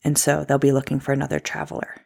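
A woman's voice: low-pitched, monotone, quick pace, vocal fry, darkish tone, breathy edge. Impassioned woman venting to her viewers. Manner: impassioned, emphatic, addressing viewers directly. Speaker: traveling ultrasound tech and speaker. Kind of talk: personal vlog monologue.

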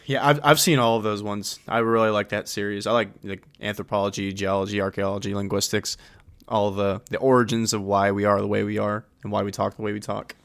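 A man with a fairly low voice banters loosely on a podcast, cursing and laughing as he goes. The sound is close and dry, with no room around it. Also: fairly quick, no room sound. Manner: swearing, laughing, animated. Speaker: podcast co-host. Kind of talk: casual chat.

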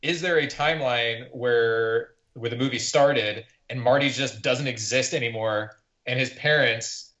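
A man's voice: mid-range voice, a little slow, a bit bright, dull audio. A man co-hosting a casual podcast chat, musing through questions. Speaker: podcast co-host. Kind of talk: casual chat about movies.

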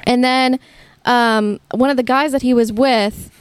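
A young woman on a headset, telling a rambling story on a podcast with a higher-pitched voice. She laughs mid-sentence and swears casually. The sound is close and dry, with no room echo. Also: steady tone, a little slow, smooth. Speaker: podcast co-host.

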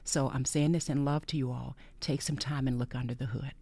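Here a podcast host gives a sincere faith-centered monologue, echoing phrases for emphasis and often fading into breathy whispers. The pace is brisk, the mid-range voice fairly even in intonation and a touch mellow, with no echo.

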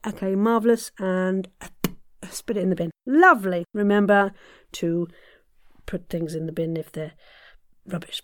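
Chatty woman coaching voice warm-ups. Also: medium pitch. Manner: chatty, playful, self-deprecating; slow counting, coaching tone. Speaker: podcast host leading voice exercises. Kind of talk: casual guided vocal warm-up.

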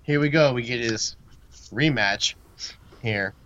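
A man co-hosting a casual podcast, easygoing and quick to laugh along. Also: medium pitch, a bit bright, dry recording, highs cut off. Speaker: podcast co-host.

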